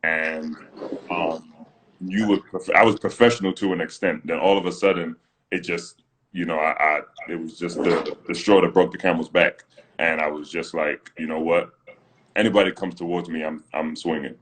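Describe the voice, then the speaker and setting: Deep-voiced man telling animated stories. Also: moderate pace. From Britain. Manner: animated storyteller acting out quotes, laughing often. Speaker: co-host, former pro basketball player. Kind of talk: casual livestream chat. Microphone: phone on a live video stream.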